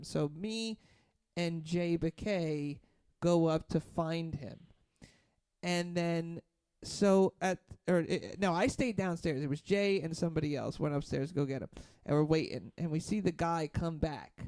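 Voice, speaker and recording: A man's voice: on the high side, a little slow, darkish tone, clear, resonant tone, no room sound. A man hosting a podcast, telling a long rambling story in casual chat, heavy on fillers and swearing, acting out what others said. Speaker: podcast host.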